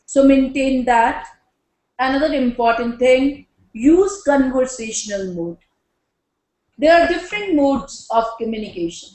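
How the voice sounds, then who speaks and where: A woman with an Indian English accent giving a lecture on classroom communication, speaking slowly and deliberately and slipping Hindi phrases into her English. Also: high-pitched, lively intonation, a little mellow, roomy sound, low-quality recording. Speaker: teacher trainer.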